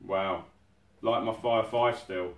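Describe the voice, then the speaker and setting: A man's voice: on the low side, fairly even intonation, slow. A man hosting an outdoors channel, chatting casually through an unboxing and exclaiming in amazement at each item. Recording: roomy sound from a distant mic.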